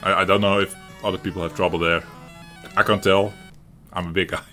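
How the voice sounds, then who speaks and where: In a low-pitched, level, slightly bright voice that runs a little fast, a man with a Netherlands Dutch accent comments on the game he's playing. He hosts a retro gaming channel, and his casual talk rambles chattily with frequent chuckling and restarts. Soft music plays in the background.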